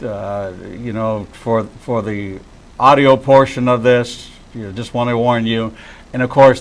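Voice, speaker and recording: A man's voice: medium pitch, poor audio. Friendly interviewing rabbi, a man. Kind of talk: conversational interview.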